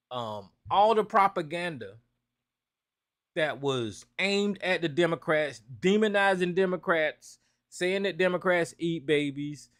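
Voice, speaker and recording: A man from North Carolina, hosting a call-in talk show and ranting profanely about politics. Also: sits high.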